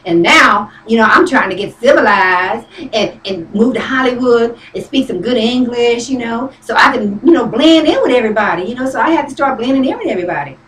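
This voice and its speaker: A woman's voice: fairly high pitch, expressive, a little fast, fairly bright tone, a little hiss or hum. Give me a sassy, folksy woman telling a comic story, heard from a distance in a roomy space. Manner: sassy and folksy, calls listeners honey. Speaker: comedian.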